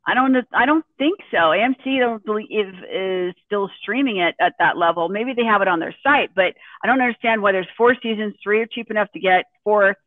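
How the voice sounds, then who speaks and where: A man co-hosting a podcast in casual chat, enthusiastic and quick to exclaim. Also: sits high, no echo. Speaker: podcast co-host. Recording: dry, phone-like line.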